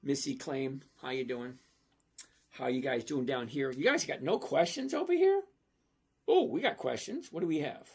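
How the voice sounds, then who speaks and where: A man hosting a casual livestream, talking slowly and emphatically and often checking in with "okay?". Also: mid-range voice, very animated, vocal fry, a little mellow, slightly rough. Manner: slow, emphatic, repeats "okay?" to check understanding. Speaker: livestream host answering viewer questions. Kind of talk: casual livestream chat about stocks.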